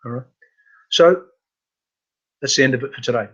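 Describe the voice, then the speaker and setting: A man hosting a casual live computer training webinar, talking in a halting way with many fillers and restarts. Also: medium pitch, dull audio.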